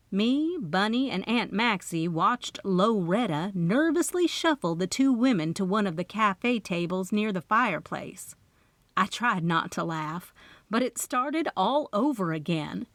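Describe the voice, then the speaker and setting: A woman narrating a cozy mystery audiobook in first person, expressive and playful. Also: medium pitch, measured pace, no room sound. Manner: expressive storytelling with character voices.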